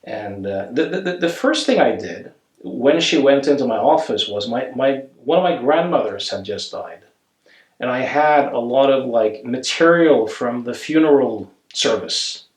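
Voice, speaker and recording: A man's voice: mid-range voice, measured pace. A male therapist telling a story in an interview, stammering with repeated words and acting out quoted lines. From Norway. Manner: stammering repetitions, animated quoting. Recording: roomy echo.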